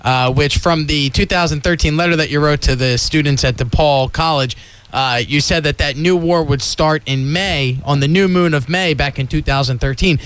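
A man interviews a guest, laying out methodical, pointed questions. His voice sits somewhat high and sounds smooth and resonant. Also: normal speed, fairly bright tone.

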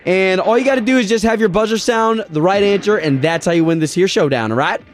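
A man's voice: high-pitched, quick pace. A man co-hosting a morning radio show, running a call-in game with playful, laughing banter. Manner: playful, animated, laughing often.

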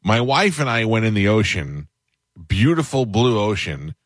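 A man hosting a talk radio show, telling a funny story and mimicking loud people in a raised voice. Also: measured pace, dry recording. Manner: animated, acts out other people's shouting in a higher voice.

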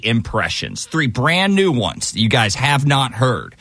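A man's voice: mid-range voice, a little slow, few pauses, no echo. A man co-hosting a morning radio show, playful and upbeat as he runs a call-in game. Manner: animated, playful.

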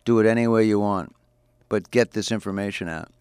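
A man's voice: on the low side, steady tone, brisk, a little mellow, clean tone, no room sound, clean studio sound. A man, a comedian guest, chatting casually in an interview and rambling with stammering restarts.

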